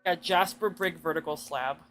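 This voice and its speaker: A woman's voice: low-pitched, normal speed, a bit bright, faint music behind. A woman streaming a game, chatting casually in a rambling way, with plenty of fillers, curses and laughter. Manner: rambling, swearing, laughs often, lots of "like".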